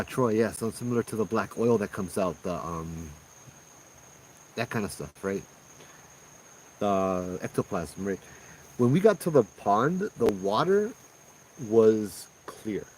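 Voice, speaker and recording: Man, low voice, excited rambling storyteller, live stream, outdoors at night, crickets chirping faintly behind. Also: slight background noise, poor audio. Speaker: paranormal storyteller host. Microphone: phones streaming live.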